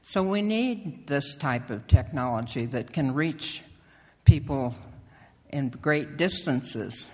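A lay member of a church speaks from the pulpit, giving a halting testimony and announcements full of fillers and restarts. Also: mid-range voice, animated, darkish tone. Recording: long reverb of a church hall.

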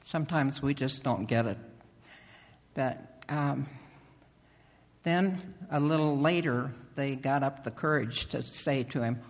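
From the pulpit, a lay church member gives a halting testimony and announcements, full of fillers and restarts. His or her voice is medium-pitched, and the church hall adds a long reverb.

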